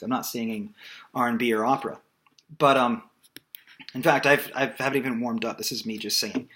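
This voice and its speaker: In a mid-range voice, a man teaches singing in an easygoing way, his explanations loose and full of fillers.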